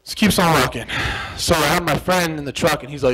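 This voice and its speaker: A man's voice: on the high side, fast, sharp tone, low-quality recording. A young American man, a former soldier, telling a story in an interview. He talks animatedly, repeats phrases for effect, and acts out the dialogue he remembers.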